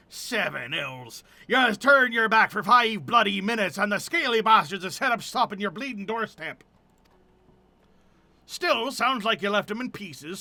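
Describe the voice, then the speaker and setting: A man voicing a hearty, rough-spoken middle-aged guildmaster with a put-on rough working-class English accent, gruff and salty. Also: high voice, sharp tone, no room sound, pitched above the performer's own voice, heavily acted. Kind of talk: game dialogue read aloud in voices.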